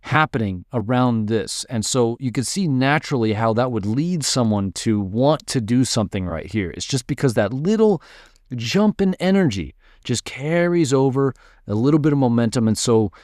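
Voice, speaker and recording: A man casually teaching music production, thinking aloud while he works and muttering at his software. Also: medium pitch, lively intonation, normal speed, no echo, clean studio sound. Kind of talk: casual screen-recorded tutorial.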